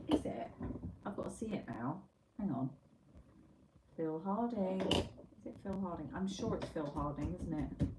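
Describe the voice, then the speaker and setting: A woman's voice: sits low, darkish tone, slight background noise. A woman from Wiltshire, chatting casually and rambling as she swatches art pencils on a livestream, mocking herself and reading out chat messages. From Wiltshire, England.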